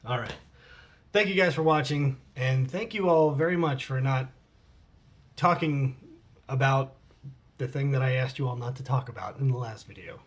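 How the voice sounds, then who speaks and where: A man in his forties reading out and answering fan questions in a casual vlog, relaxed and swearing freely. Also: mid-range voice, moderate pace, long pauses.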